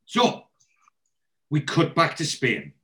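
A man's voice: on the high side, huge pitch swings, slow, fairly bright tone. A man casually retelling a TV episode, acting out the characters' lines and swearing freely.

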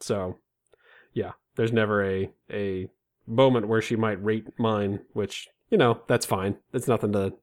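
A man in his thirties with a fairly low voice co-hosts a comedy podcast, speaking without hurry. He tells self-deprecating stories in animated banter and keeps slipping into silly put-on voices.

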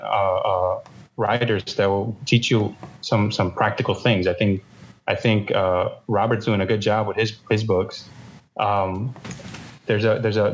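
A man's voice: lowish voice, muffled recording, slight background noise. A man giving earnest advice on fatherhood and faith in casual talk, often repeating words as he searches for them.

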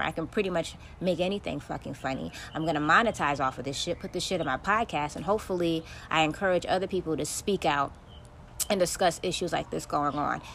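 A woman's voice: on the low side, a bit bright, a little hiss or hum. A woman hosting her own podcast, venting in a heavily profane, emphatic solo monologue. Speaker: podcast host.

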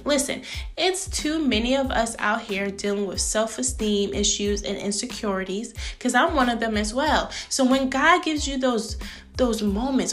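A woman in her thirties talks through a faith-based podcast in a voice pitched a little high. She has soft music playing under her. She is lively and preachy and keeps calling the listener sis. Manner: animated, frequent laughs, acts out greetings. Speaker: podcast host.

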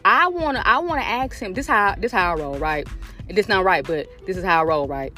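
A woman with a Southern US accent checks in from her car for a casual faith and wellness podcast, chatting to listeners, repeating herself and calling them y'all. Her medium-pitched voice is expressive, bright and forceful, a little fast, over soft background music.

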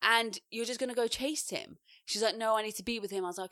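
Lively woman telling stories. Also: fairly high pitch, fast talker, no room sound, studio quality. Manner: animated storyteller, acts out quotes loudly. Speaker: podcast co-host. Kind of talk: casual chat.

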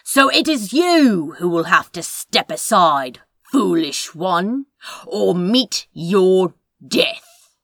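A woman voicing a haughty male dark sorcerer who intones slowly and pompously, putting on menace. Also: medium pitch, very animated, dry recording, exaggerated voice.

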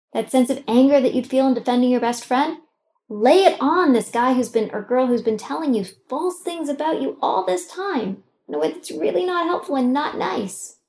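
A middle-aged woman leads a guided self-help exercise in a slightly high voice. She speaks straight to the listener and coaches with emphatic, encouraging instructions. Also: a little mellow. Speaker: host guiding an exercise.

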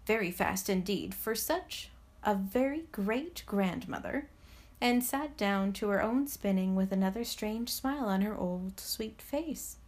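A woman from Canada hosting a podcast, reading a story aloud in a gentle, soothing, measured way. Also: mid-range voice. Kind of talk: bedtime story narration.

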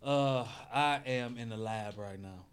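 A man's voice: medium pitch, unhurried. Laid-back male podcast guest, faint noise. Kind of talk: casual chat.

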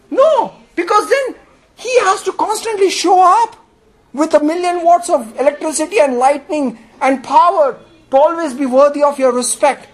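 High-pitched man preaching a sermon, emphatic, asks the congregation questions and draws their responses. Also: normal speed. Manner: emphatic, with sudden jumps in pitch and volume.

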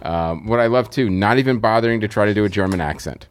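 A man hosting a podcast, introducing movie trailers in a relaxed, hesitant way. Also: on the low side, quick pace, clear, resonant tone. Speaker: podcast host. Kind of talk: casual chat introducing trailers.

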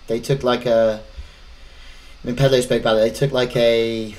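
A man's voice: mid-range voice, flat delivery, normal speed, a little mellow, rough recording. Casual male podcast host. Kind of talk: podcast interview.

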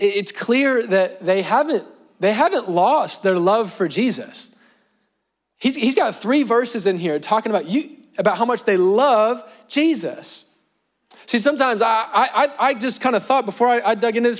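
A young adult man preaching a sermon, talking in a conversational way with emphatic repeated phrases. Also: high voice. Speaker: pastor.

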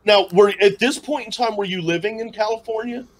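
A man's voice: high-pitched, brisk. A man hosting an interview, asking short questions to prompt his guest. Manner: brief, friendly prompting questions. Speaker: interviewer host.

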